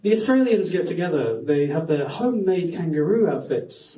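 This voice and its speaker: A man's voice: a little high, very animated, moderate pace, few pauses, warm tone, far from the mic. A Scottish man doing a stand-up set on a comedy club stage, rambling, self-mocking and sweary. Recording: roomy club sound from off-mic.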